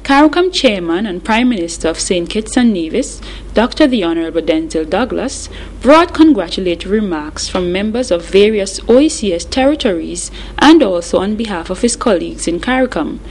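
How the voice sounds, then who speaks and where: A woman narrating a news voice-over, reading the report clearly and steadily. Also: medium pitch, animated, a little fast, darkish tone, poor audio.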